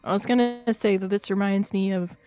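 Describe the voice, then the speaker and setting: A woman's voice: mid-range voice, fairly even intonation, brisk, a little mellow, soft background music. A woman playing a tabletop game, casual and joking with the group. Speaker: player.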